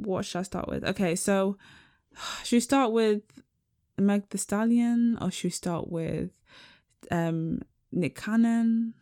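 A woman's voice: mid-range voice, smooth, no echo, studio quality. A woman co-hosting a casual chat podcast, thinking aloud and hesitating with fillers as she picks what to say. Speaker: podcast co-host.

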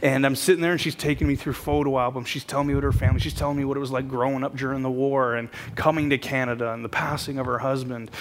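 A man telling a funny story from his own life in a sermon, self-mocking and animated. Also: mid-range voice, fast, few pauses. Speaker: preacher. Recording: hall reverb with faint background noise.

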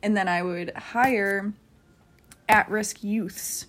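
Young woman, podcast co-host, casual rambling talker, mid-pitched. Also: fairly even intonation, takes it slowly, fairly bright tone. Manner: chatty, rambling with fillers. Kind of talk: casual chat.

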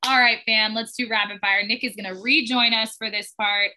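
A woman's voice: on the high side, fairly even intonation, moderate pace, pushed and bright, a little hiss or hum. A woman hosting a casual recap podcast, leading the segments and swearing freely. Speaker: podcast host.

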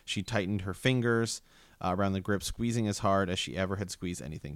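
A man co-hosting a podcast, reading a book aloud haltingly with fillers and stumbles. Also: sits low, no echo. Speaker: podcast co-host.

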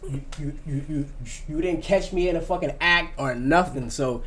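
A man's voice: on the high side, moderate pace, slight background noise. A man in casual conversation, talking bluntly and with plenty of profanity, acting out quotes as he tells his stories. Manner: blunt, profane, animated storytelling with acted-out quotes. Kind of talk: casual chat.

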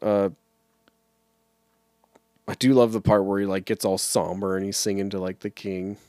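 A man's voice: fairly low pitch, normal speed, dry recording, clean studio sound. A young man co-hosting a casual podcast chat, rambling and swearing as he talks. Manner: animated, rambling, swears often. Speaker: podcast co-host.

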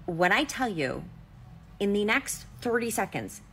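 A woman telling a personal anecdote with dramatic, animated delivery in a played clip. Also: medium pitch, unhurried, a little hiss or hum.

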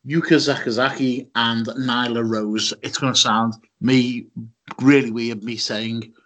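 A man's voice: mid-range voice, little pitch movement, slow pace, a bit bright. A man with a Scouse accent co-hosting a podcast, talking casually with many ums and restarts. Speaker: podcast co-host. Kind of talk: casual chat.

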